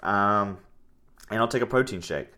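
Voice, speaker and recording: A young man co-hosting a casual fitness podcast, talking loudly in a rambling, teasing way. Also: fairly low pitch, moderate pace. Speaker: podcast co-host, strength coach.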